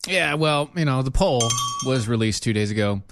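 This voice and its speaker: A man co-hosting a casual podcast chat, animated and jokey, jumping up in pitch for emphasis. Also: moderate pace, background noise. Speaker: podcast co-host.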